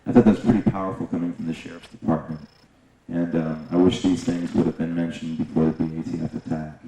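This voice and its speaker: A man telling a personal story in an unhurried, conversational way, acting out other people's lines now and then. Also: sits low, little pitch movement. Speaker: eyewitness recounting events. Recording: roomy echo with faint noise.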